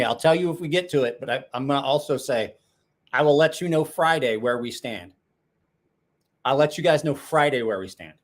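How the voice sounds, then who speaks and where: A man hosting a casual livestream, chatting and rambling with frequent restarts and asides. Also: a little high. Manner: rambling, self-correcting, chatty. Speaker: livestream host.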